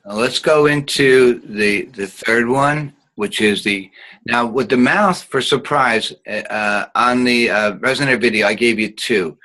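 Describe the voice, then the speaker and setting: A man's voice: medium pitch, unhurried, sharp tone, rough recording. A man teaching an online acting class, guiding students patiently and showing each sound with hums.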